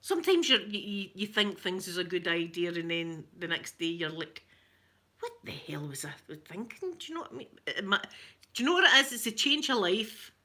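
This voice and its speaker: A middle-aged Scottish woman chatting casually with live viewers on an ASMR stream, giggly and rambling, often dropping to soft whispers. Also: medium pitch, lively intonation, a little fast. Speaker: ASMR creator.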